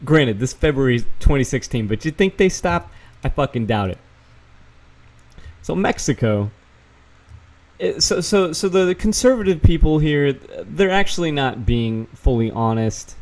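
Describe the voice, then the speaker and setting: A man's voice: a little high, lively intonation, a little slow, darkish tone. A man doing casual, sarcastic commentary, reading news articles aloud and adding profane asides. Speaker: vlogger fact-checking news. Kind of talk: casual screen-share commentary.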